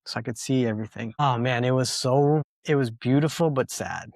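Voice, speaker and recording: A man in casual podcast talk, telling a long personal story in a sincere, meandering way, full of "you know"s and restarts. His voice sits at an ordinary middle pitch, and the recording is dry and close, with no room sound. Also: a little fast, vocal fry, darkish tone, no echo. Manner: earnest, rambling storytelling with many fillers. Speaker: dog trainer and podcast co-host.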